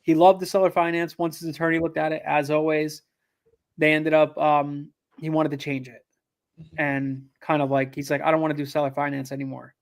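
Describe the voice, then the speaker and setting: Male guest, higher pitch, animated storyteller, loose and filler-heavy. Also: moderate pace. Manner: animated, acts out quotes, frequent fillers and restarts. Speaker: land investor guest. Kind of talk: casual interview storytelling.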